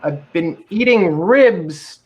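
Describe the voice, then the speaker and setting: A woman's voice: on the low side, lively intonation, slow pace, slightly rough. A woman speaking as a panel guest on a video call, chatting in an easygoing way about her cheese board. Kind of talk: casual chat.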